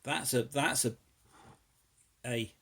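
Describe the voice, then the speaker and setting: A man's voice: mid-range voice, steady tone, slow, vocal fry, heavy background noise. A man casually demonstrating lockpicking, thinking aloud with many hesitant fillers. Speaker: lockpicking hobbyist vlogger. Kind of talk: casual demonstration while picking a lock.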